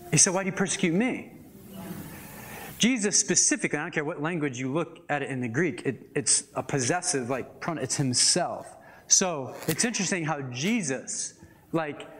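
A young man preaching a casual, animated sermon, reading scripture and adding chatty asides. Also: fairly high pitch, slight background noise. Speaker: pastor.

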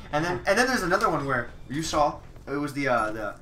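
A man's voice: on the high side, pushed and bright, far from the mic, a little hiss or hum. A young man co-hosting a podcast, telling crude stories in a rambling, laughing way. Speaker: podcast co-host. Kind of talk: casual chat.

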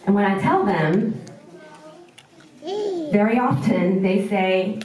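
A woman's voice: medium pitch, slow, pauses often, darkish tone. A woman doctor giving an earnest, somewhat self-deprecating speech at an event. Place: large indoor event room. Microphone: far camera. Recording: echoey room from far off.

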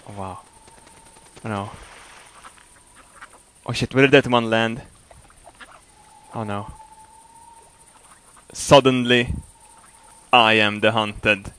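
A man's voice: lowish voice, fairly even intonation, slow pace, pauses often, a bit bright, clean tone. A man giving goofy, joking commentary while playing a hunting game, swearing and laughing often. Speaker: gameplay commentator. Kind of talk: casual let's-play commentary.

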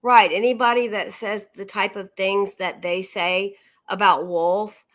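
Bright-voiced woman co-hosting. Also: medium pitch, steady tone, unhurried. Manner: defensive, emphatic. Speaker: co-host. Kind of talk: casual chat.

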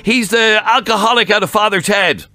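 A young man hosting a radio quiz, brisk and laughing as he gives the answers. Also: high voice.

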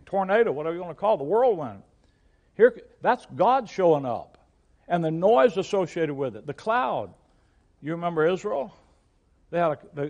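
Older man, pastor, Bible study teacher, somewhat high voice, halting repeated words, reads scripture aloud. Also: a little mellow.

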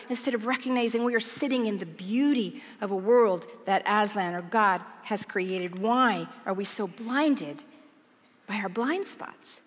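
Earnest woman preacher, lively storyteller, sermon in a big reverberant church. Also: fairly high pitch. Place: large church auditorium.

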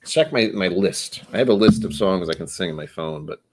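Low-voiced male livestream host, a few whiskeys in, loose and self-deprecating. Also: lively intonation, brisk, husky. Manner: loose, self-mocking, jokey asides. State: a bit tipsy from whiskey. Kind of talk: casual rambling livestream chat.

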